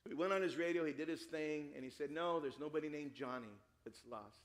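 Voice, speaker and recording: Middle-aged pastor guy preaching, kinda high voice, big church echo, acts out the story. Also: fast. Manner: animated storytelling, acts out dialogue. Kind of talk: sermon with personal story. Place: church sanctuary. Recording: long hall reverb.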